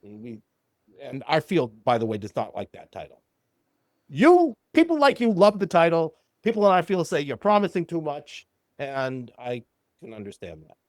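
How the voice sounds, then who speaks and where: An older man, a psychologist guest on a podcast, telling a client story and acting out the dialogue in animated quotes. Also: on the high side, normal speed, no room sound, studio quality.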